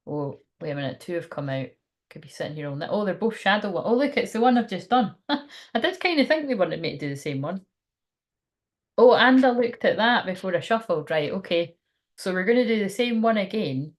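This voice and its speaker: A woman's voice: medium pitch, animated, fairly quick. A woman doing a live card reading for her viewers. She rambles and thinks aloud in a chatty, informal way. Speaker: tarot card reader.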